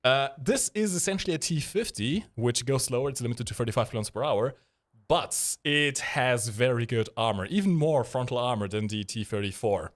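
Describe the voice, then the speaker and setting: A man's voice: mid-range voice, expressive, a little fast. A man co-hosting a game stream, chatting casually and explaining with many fillers. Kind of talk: casual gameplay commentary.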